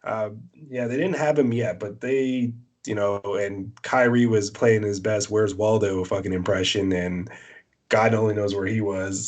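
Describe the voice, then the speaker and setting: A man co-hosting a podcast, giving blunt, opinionated sports takes in casual chat with a Canadian accent, often pausing on "uh" and "um". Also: on the low side. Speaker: podcast co-host.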